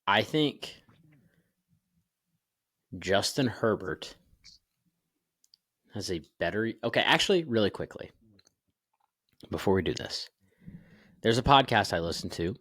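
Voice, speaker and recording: A man's voice: lowish voice, lively intonation, measured pace, pauses often, fairly bright tone, no echo, clean studio sound. A young man co-hosting a casual sports podcast over a video call, rambling with fillers and restarts. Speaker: podcast co-host.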